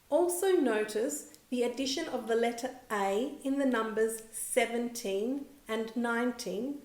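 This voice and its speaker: A woman with a fairly high voice gives a scripted grammar lesson at an unhurried pace. She says each example word slowly and deliberately, taking care with every syllable. The voice carries a noticeable roomy echo. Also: a little mellow. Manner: slow, clear, careful enunciation of example words. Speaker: language teacher.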